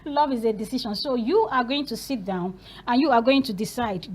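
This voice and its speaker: A woman's voice: fairly high pitch, a little fast, darkish tone. A woman hosting a Christian talk show, speaking earnestly and preaching through rhetorical questions.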